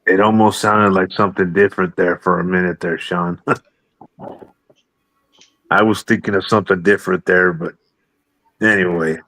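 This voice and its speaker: A man's voice: sits low, steady tone, normal speed, long pauses, bright, forceful tone, dry recording, poor audio. A man chatting on a live stream, mostly giving short, agreeable replies. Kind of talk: casual live-stream chat.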